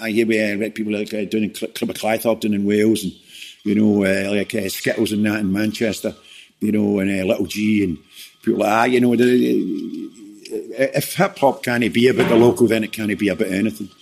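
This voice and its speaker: A man's voice: on the low side, vocal fry, darkish tone. A man talking as a guest in a casual interview, rambling with lots of "you know" and restarts.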